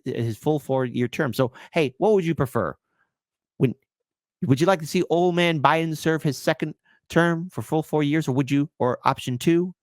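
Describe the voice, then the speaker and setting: A man's voice: on the high side, dry recording, clean studio sound. A man hosting a live political commentary stream, sarcastic and talking to his chat. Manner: sarcastic, animated, talks to chat.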